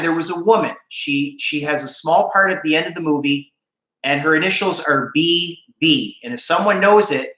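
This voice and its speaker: A Canadian-accented man chats on a casual livestream, rambling, joking and laughing as he reads out comments. His voice sits a little high and sounds bright. The sound carries a roomy echo. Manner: chatty, rambling, jokey, laughs often. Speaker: YouTube channel host on a live stream. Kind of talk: casual livestream chat, reading viewer comments.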